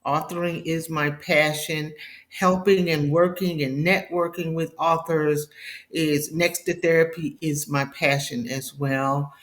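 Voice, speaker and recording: A middle-aged woman with a faint Brooklyn accent, a guest chatting warmly in a live podcast interview and often restarting her sentences. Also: low voice, fairly even intonation, a little slow. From Brooklyn, New York. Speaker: guest author and therapist.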